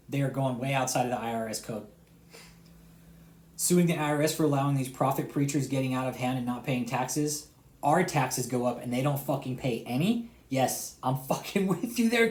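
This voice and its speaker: Man ranting with heavy profanity, roomy echo. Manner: swears constantly, repeats himself, swings from shouting to low sarcastic mutter. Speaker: online commentator. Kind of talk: heated profane rant to subscribers.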